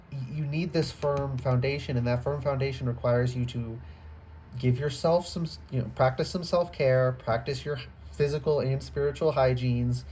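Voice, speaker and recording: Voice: medium pitch, warm tone. A tarot reader giving a casual, rambling reading to camera indoors, often trailing off, restarting and becoming emotional. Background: faint computer fan hum.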